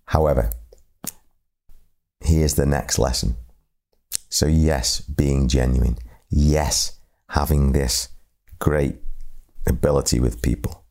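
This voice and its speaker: A man with an extremely deep, gravelly voice speaks slowly in a flat, even tone. He tells a reflective story, often stalling and repeating words as he feels his way forward. His voice has a dark, mellow color. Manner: halting, repeats words, slow and measured. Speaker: speaker sharing lessons on leadership.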